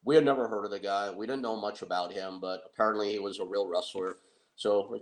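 A middle-aged man telling an anecdote in a casual, excitable way, with restarts. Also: fairly low pitch, brisk, low-quality recording. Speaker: guest storyteller. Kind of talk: casual anecdote on a talk show.

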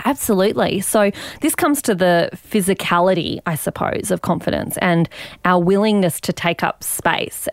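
An Australian woman in her thirties, a podcast guest explaining her points with lively examples. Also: fairly low pitch, no room sound, studio quality. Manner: articulate, animated explaining with examples. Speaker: guest author and commentator. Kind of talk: podcast interview.

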